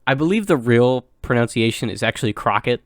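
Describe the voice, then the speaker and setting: A young man co-hosts a podcast and rambles through crude, playful jokes. His pitch swings widely as he talks. The sound is dry and close to the mic. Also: animated, moderate pace, a bit bright, dry recording. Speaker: podcast co-host. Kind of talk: casual banter.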